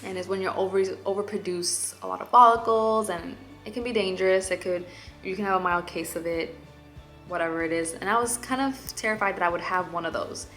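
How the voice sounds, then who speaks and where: A woman's voice: mid-range voice, brisk, fairly bright tone, faint music behind. A young woman, chatting candidly to her vlog viewers with lots of fillers. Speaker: vlogger. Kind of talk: casual chat.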